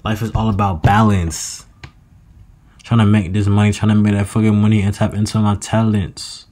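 A man's voice: fairly low pitch, flat delivery, moderate pace, darkish tone. A young man talking to himself late at night in a loose, meandering, slangy monologue that drifts into half-freestyled rhymes. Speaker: vlogger.

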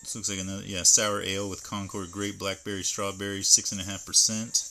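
Low-voiced man chatting through an unboxing. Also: level tone, brisk, few pauses, bright, forceful tone, faint music behind. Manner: rambling, stops to read can labels aloud. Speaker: streamer. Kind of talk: casual live-stream unboxing chat. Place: at home.

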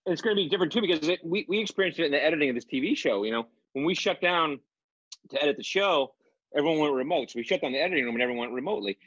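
A man with a somewhat high, husky voice, telling stories in an easygoing, casual way. His sound is dry and a bit dull, like remote call audio. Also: animated, very fast, fairly bright tone, dry recording. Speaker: guest, comedian. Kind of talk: casual chat over video call.

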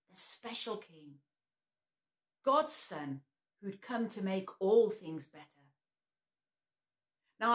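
Woman, children's storyteller, slow, very lively pitch, call-and-response. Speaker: preschool worship leader. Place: church.

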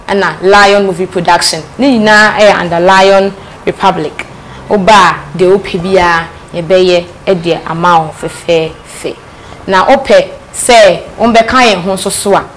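A Ghanaian woman hosts a playful chat show, pressing her guest with the same teasing questions. Her voice sits mid-pitch, with a little background noise in the recording. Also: low-quality recording. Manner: teasing, switches between Twi and English, repeats questions. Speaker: talk show host. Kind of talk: casual chat show interview.

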